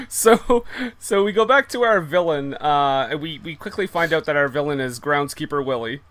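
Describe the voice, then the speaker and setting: A man co-hosting a podcast, recapping a movie in animated, casual chat and laughing a lot. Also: fairly high pitch, moderate pace. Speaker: podcast co-host.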